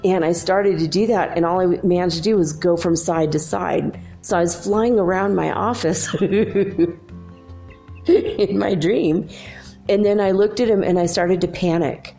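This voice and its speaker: Gravelly-voiced chatty woman telling a dream. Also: on the low side, a little slow, faint music behind. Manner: chatty, animated, laughs often, quotes herself and her son. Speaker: podcast host. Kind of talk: casual spiritual storytelling.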